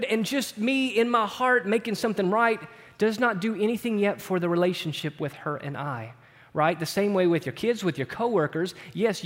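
A middle-aged man preaching a sermon in a conversational way, often asking "right?" and moving between loud, lifted passages and hushed ones. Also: on the high side. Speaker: pastor. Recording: long hall reverb.

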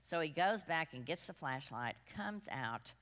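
A woman's voice: sits low, expressive, a little slow, a bit bright. A middle-aged woman, telling rambling, self-deprecating anecdotes to a group in a large room. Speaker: women's class speaker. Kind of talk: storytelling talk to a group. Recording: long hall reverb.

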